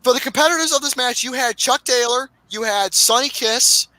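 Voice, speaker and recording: Man, podcast host, excitable, swears a lot, high bright voice. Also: a little fast, no echo, rough recording. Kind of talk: casual wrestling recap chat.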